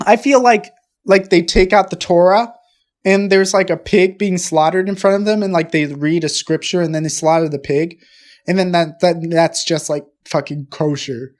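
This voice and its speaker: A man co-hosting a comedy podcast, rambling and halting through improvised bits with profanity and constant restarts. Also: sits high, steady tone. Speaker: podcast co-host.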